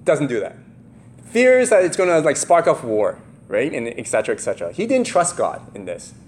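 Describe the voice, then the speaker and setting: A man's voice: on the high side, normal speed, a little hiss or hum. A man preaching a casual sermon, often acting out the people in the story in their own voices. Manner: animated, voices the characters in the story; casual, many fillers and laughs.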